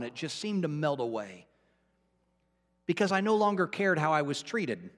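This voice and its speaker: A male pastor preaching a sermon, telling a personal story and swinging from hushed to fervent. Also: a little high, normal speed, long reverb tail. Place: church.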